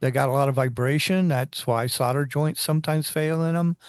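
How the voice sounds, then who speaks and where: A man's voice: on the high side, moderate pace, no room sound. A man in casual technical conversation, rambling and restarting his sentences as he explains engineering ideas.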